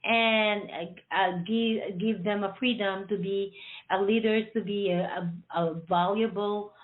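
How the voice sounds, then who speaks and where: A woman's voice: medium pitch, fairly even intonation, unhurried. A woman hosting a radio show, chatting casually and jokingly before it starts, rambling and laughing at her own jokes. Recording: tinny phone-like line.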